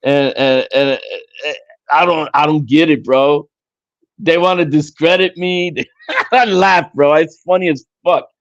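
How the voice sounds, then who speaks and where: A man's voice: a little high, measured pace, no room sound, muffled recording. A man talking boxing on a casual podcast, stammering and repeating words, with some swearing.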